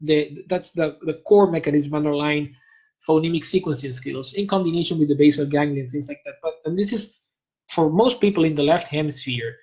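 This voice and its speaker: A native Spanish speaker appears as a guest expert in an academic talk, explaining in a measured, lecturing manner and pausing to hunt for terms. His voice is on the high side with a darkish tone, and the recording quality is low.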